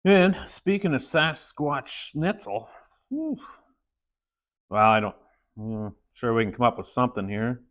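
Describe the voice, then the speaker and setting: A man hosting a casual joke-telling show, telling a long story with frequent pauses. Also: mid-range voice, expressive, a bit bright.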